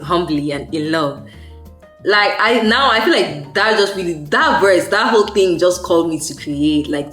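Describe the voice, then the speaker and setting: A woman's voice: on the low side, fairly bright tone. Chatty young woman vlogging about faith. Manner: chatty, rambling, slangy. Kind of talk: casual faith vlog monologue.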